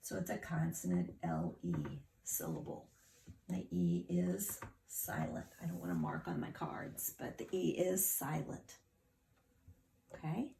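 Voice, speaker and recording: A woman's voice: fairly low pitch, very animated, a little slow, gravelly, mellow, a little hiss or hum. A woman teacher giving a phonics lesson to children, patiently sounding words out syllable by syllable.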